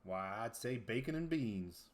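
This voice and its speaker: Guy doing a folksy cowboy singer, drawly, touchy, kinda proud, normal pitch. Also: a crowd in the background, close to an everyday voice. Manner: drawling, easily offended, quick to calm down. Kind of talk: improv comedy character.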